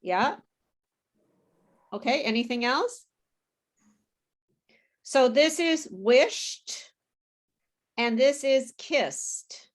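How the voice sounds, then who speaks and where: A woman teaching an English pronunciation class, modelling words slowly and patiently for students to repeat. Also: high voice. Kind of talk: online group pronunciation class.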